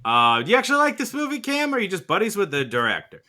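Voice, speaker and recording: A male comedy podcast host who jokes playfully through casual chat. His tone is very bright and sharp, and his pitch swings widely. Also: huge pitch swings, very fast. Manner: jokey, playful, with laughter.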